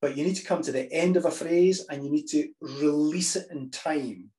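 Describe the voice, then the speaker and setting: Choir coach singing examples between explanations. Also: male voice, fairly high pitch, normal speed, warm tone. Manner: demonstrates phrases by singing, restarts often. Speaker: choral music teacher. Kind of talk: spoken singing workshop with sung examples.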